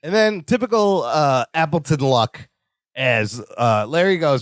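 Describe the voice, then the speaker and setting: High-voiced man co-hosting a podcast. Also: lively intonation, measured pace, no echo, studio quality. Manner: laughs often, jumps in mid-sentence. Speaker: podcast co-host. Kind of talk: casual chat recapping a sitcom episode.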